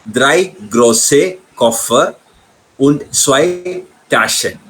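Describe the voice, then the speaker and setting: Slow, halting student reader. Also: male voice, medium pitch, lively intonation, fairly bright tone, poor audio. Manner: slow, halting, effortful reading. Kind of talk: reading aloud in a lesson.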